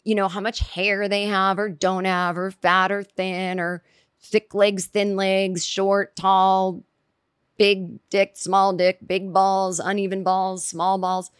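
A woman telling a comic story in a rambling, self-interrupting way, full of "like" and "you know", with sudden jumps in pitch for emphasis. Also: flat delivery, takes it slowly, smooth, dry recording, clean studio sound.

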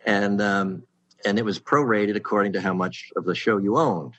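Through lo-fi sound comes a slightly low-voiced, middle-aged guest, a sitcom writer, casually spinning show-business anecdotes at a moderate pace. He's relaxed and animated, taking on the voices of the people he quotes and rising in volume and pitch for punchlines.

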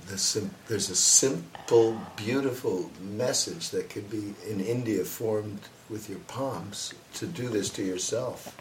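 A man hosting a podcast, talking slowly with a laugh. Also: on the low side, a little hiss or hum.

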